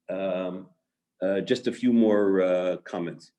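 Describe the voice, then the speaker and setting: A man's voice: deep voice, steady tone, takes it slowly, warm tone. A man teaching a lesson on Talmud stories in a conversational way, with filler words and restarts.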